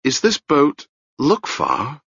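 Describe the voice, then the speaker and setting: Earnest young prince, careful and eager, higher voice, read by a man, dry muffled sound. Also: huge pitch swings, slow, gravelly, fairly bright tone, breathy edge, no echo, full character voice. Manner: earnest, hesitant.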